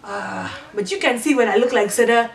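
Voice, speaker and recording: A middle-aged woman with a slightly high voice rambles playfully through a casual makeup tutorial, often trailing off and starting over. She sounds set back from the microphone, and her voice rings in a roomy space over faint background noise. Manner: halting, rambling and playful, with many restarts. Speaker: mother doing a makeup challenge. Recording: roomy echo, a little distant from the mic, faint background noise.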